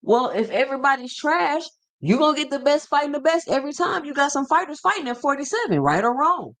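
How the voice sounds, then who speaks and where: Animated livestream host chatting with viewers. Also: male voice, very high voice, fast. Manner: animated, talks straight to chat, slangy. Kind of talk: casual livestream chat reading viewer comments.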